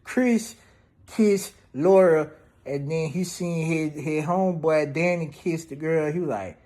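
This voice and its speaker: A man's voice: a little high, slow pace, mellow. Slangy man recapping a movie. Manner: slangy, profane, loose storytelling full of "damn, bro". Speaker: movie reviewer. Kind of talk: casual movie plot recap.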